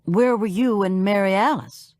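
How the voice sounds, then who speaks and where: A woman voicing an older husband who questions his wife gently, in an audiobook. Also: medium pitch, moderate pace, no room sound, clean studio sound, close to an everyday voice. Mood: probing. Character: older Southern husband, calm and probing.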